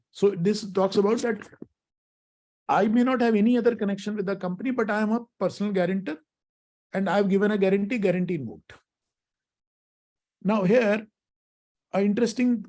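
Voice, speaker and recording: A middle-aged man lecturing a workshop on law. His voice sits high for a man. He keeps checking in with his listeners, calls them friends and asks questions as he goes. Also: fairly quick, pauses often, a little mellow. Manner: teacherly, asks questions, addresses audience as friends. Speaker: workshop speaker, lawyer.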